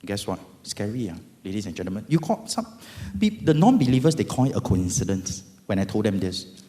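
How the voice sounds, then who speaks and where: Casting: low-voiced Singaporean man, middle-aged, storytelling testimony, booming hall reverb. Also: a little fast. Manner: animated, dramatic, bursts of loud emphasis. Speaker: speaker giving testimony. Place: event hall.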